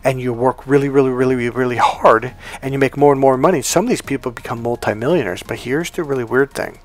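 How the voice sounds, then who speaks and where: Speaking fast in a medium-pitched voice over faint music, a man in a life coach role talks through an example conversationally, acting out the quoted lines as he teaches.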